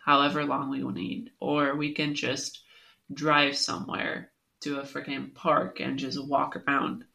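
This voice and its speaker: A woman in her twenties chatting casually on a podcast, supportive and relaxed. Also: extremely low pitch, unhurried, creaky. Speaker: podcast co-host. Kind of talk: casual chat.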